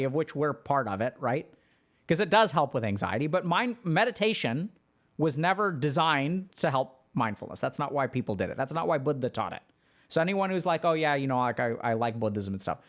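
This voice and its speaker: Chatty man explaining, slightly high voice. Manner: loose, chatty explaining with many fillers. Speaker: streamer answering chat. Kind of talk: casual livestream talk.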